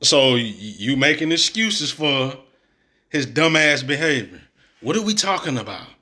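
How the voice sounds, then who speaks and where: Reacting to footage of a coach's press conference, a male sports commentator delivers opinionated commentary that is blunt, exasperated, mocking and loaded with slang. His medium-pitched voice is expressive, a little slow, pushed and bright.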